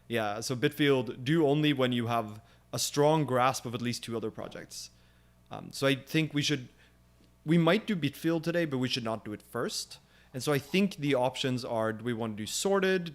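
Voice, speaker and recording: A young man leads a live programming session and talks through his reasoning as he goes. His speech is loose and unscripted, full of pauses, fillers and quick restarts. His pitch sits in the middle range for a man. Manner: thinking aloud with many fillers. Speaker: programming stream host. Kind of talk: live coding walkthrough.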